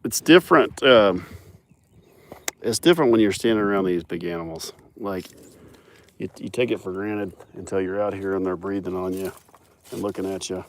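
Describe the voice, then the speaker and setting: A man with a low voice livestreams from a farm pasture among cattle, chatting casually at a moderate pace. He jokes around and talks to the animals.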